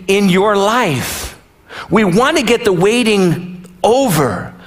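Pastor, male, high voice; conversational sermon with rhetorical questions and jokes.

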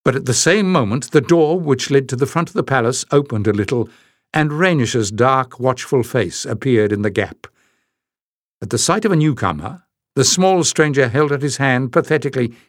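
A man's voice: medium pitch, normal speed, dry recording, studio quality. A man reading a fantasy novel aloud as audiobook narrator, telling the story steadily. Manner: steady storytelling, switching into character voices. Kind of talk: scripted narration.

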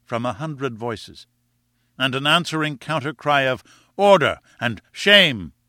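A man reading a classic novel aloud in measured, expressive storytelling narration. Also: medium pitch, dry recording, clean studio sound. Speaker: audiobook narrator. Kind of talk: scripted narration.

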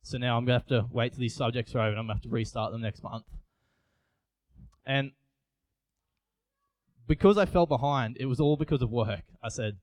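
A man's voice: medium pitch, a little fast, long pauses, darkish tone, dry recording. A young man, giving an earnest, confessional sermon with frequent restarts. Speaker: youth preacher. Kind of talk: personal sermon.

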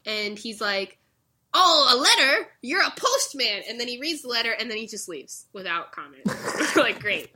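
Animated young woman, bright lively voice. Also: a little high, moderate pace. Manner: animated retelling, acts out characters' lines, laughs often. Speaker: podcast co-host recapping a show. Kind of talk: casual chat.

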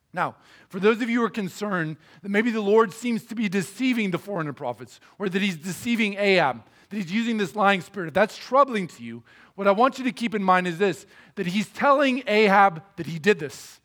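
Guy with a pretty high voice preaching, earnest and emphatic, chatty way of explaining the bible. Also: animated, fairly quick, a bit bright. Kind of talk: sermon teaching through a Bible passage.

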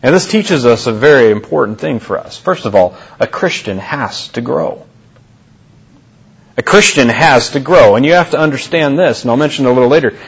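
A pastor preaches earnestly to his congregation in church, often repeating and restarting phrases and asking questions. His medium-pitched voice is husky and expressive at a moderate pace, though the recording is muffled.

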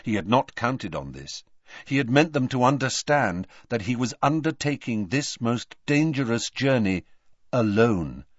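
A man reading a story aloud as audiobook narrator in a measured, expressive way. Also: medium pitch, no echo. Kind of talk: scripted narration. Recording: slightly dull, dry audiobook recording.

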